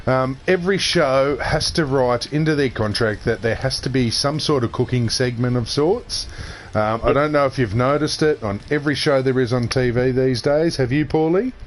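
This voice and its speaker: A man's voice: medium pitch, normal speed, slight background noise. An Australian man co-hosting a casual podcast chat, jokey and laid-back, swearing freely. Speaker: podcast co-host.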